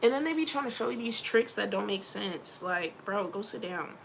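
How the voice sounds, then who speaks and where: A woman vlogger chatting casually to camera, animated and playful, with slangy asides. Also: mid-range voice, moderate pace, vocal fry, few pauses, slight background noise.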